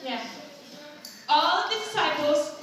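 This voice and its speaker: A very high-voiced woman tells a playful story and stops to direct her volunteers. Her voice rings through a large hall and is caught from far off. There is a noisy room behind her. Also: lively intonation, unhurried, a bit bright. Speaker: skit leader. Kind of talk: narrating an audience-participation skit. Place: large hall with a stage and aisles.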